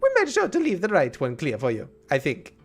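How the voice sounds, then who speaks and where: A man's voice: a little high, wildly swooping pitch, fairly quick, slightly rough, soft background music, heavily acted. A man doing a hammy Italian uncle. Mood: cheerful. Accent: put-on Italian. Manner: exaggerated, sing-song, bubbly. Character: cheery Italian uncle, middle-aged male film director. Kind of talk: reading a game note aloud in character.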